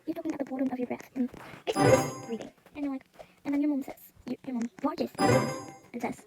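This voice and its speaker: A woman's voice: high voice, quick pace, long pauses, poor audio. A woman rambling through a casual story time, her voice sped up, with lots of "like" and "you know.". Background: loud music.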